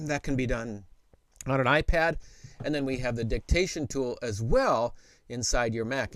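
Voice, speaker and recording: A middle-aged man walks viewers through a tech tip in a relaxed, conversational way, with plenty of fillers and restarts. His voice sits at an ordinary middle pitch. The recording is dry and close, with no room sound. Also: dry recording. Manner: slows to speak very deliberately when dictating. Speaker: tech tutor host. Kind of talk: casual tech tutorial.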